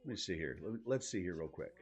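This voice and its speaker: On a live stream, a man gives casual commentary, swearing and sounding exasperated as he clicks around and thinks out loud. He has a deep, animated voice with a breathy edge and talks fast, while faint music plays behind him.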